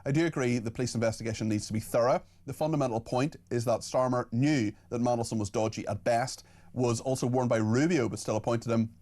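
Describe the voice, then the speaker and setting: Brisk male radio phone-in host. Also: mid-range voice, fairly even intonation, darkish tone. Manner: brisk, reading out listener messages.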